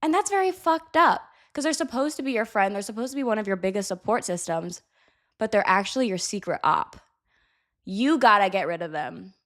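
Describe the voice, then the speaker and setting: A woman's voice: mid-range voice, animated, fairly quick, a bit bright. A young adult woman chatting candidly to camera, giving blunt life advice and swearing casually. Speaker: vlogger.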